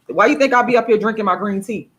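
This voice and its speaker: A woman's voice: medium pitch, quick pace, noisy background. A woman, talking casually and emphatically to her viewers in a livestream vlog. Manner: chatty, emphatic, addresses viewers as y'all. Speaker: vlogger.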